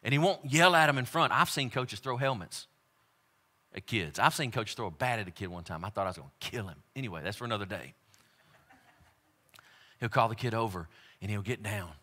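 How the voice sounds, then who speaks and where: A man preaching a sermon as pastor, moving from quiet, joking asides to loud, emphatic repeated lines. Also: on the low side, fairly quick.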